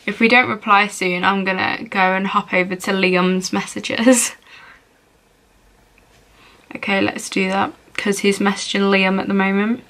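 A woman's voice: mid-range voice, level tone, measured pace, a bit bright. A young woman vlogging as she plays a phone game, reading messages aloud in a playful, giggly way.

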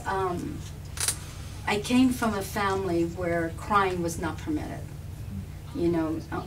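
A woman telling a personal story on a live panel, animated and often laughing, with restarts and repetitions. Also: medium pitch. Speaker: filmmaker and activist guest. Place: live event room with an audience. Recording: distant mic with background noise.

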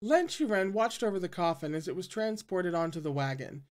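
A reader narrating a novel aloud in an even, steady way, with quiet asides between chapters. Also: medium pitch, brisk. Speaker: audiobook reader.

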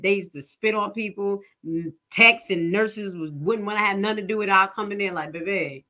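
A young woman with a bright, forceful voice gives casual commentary. She talks bluntly and with plenty of swearing. She tells her stories with animated energy. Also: mid-range voice, brisk. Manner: blunt, profane and animated storytelling. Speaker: reaction video host.

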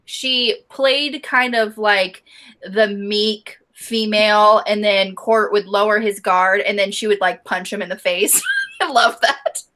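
Bright-voiced woman giggling through book chat. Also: medium pitch, sing-song, takes it slowly. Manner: chatty, giggly, reads listener comments aloud. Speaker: book club co-host. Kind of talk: casual book discussion.

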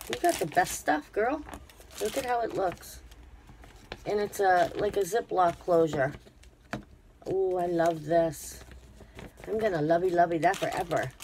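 Slow, low-voiced gushing woman. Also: a little hiss or hum. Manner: gushing, effusive praise; talks to viewers directly. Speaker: craft vlogger. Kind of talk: casual unboxing chat.

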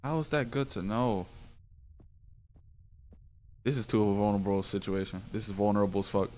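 A man playing a horror game, talking to himself and breaking into loud, profane reactions and shrieks. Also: lowish voice, moderate pace, a little hiss or hum. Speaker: gaming YouTuber. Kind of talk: horror game let's play commentary.

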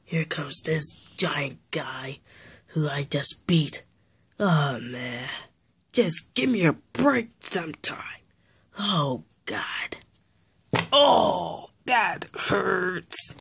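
A woman's voice: low-pitched, lively intonation, very slow, husky. A woman narrating and voicing toys in an improvised play, talking in a half-whispered, sighing, rambling way. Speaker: toy play video maker.

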